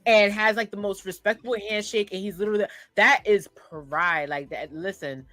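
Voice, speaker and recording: A woman hosting a podcast, talking in a casual, animated, rambling way with lots of fillers. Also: mid-range voice, moderate pace, no room sound. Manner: animated, rambling, says "like" often. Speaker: podcast host.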